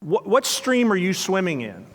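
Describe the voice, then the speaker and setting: A man's voice: high-pitched, big pitch swings, moderate pace. A man giving a motivational talk to a live audience, telling stories, acting out quoted dialogue and questioning the crowd. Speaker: speaker. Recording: long reverb of a large hall.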